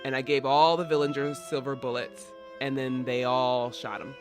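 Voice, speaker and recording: A man retelling a play and quoting a bored, unbothered male hunter who answers flatly and dismissively. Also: mid-range voice, moderate pace, over music, lightly acted. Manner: flat, dismissive.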